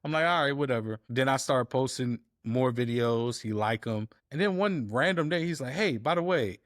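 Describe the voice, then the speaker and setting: A man's voice: medium pitch, moderate pace, no echo, studio quality. A man telling stories in a casual interview, a DJ guest acting out quoted conversations as he goes. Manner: animated storyteller acting out quoted dialogue. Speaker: guest, DJ and editor.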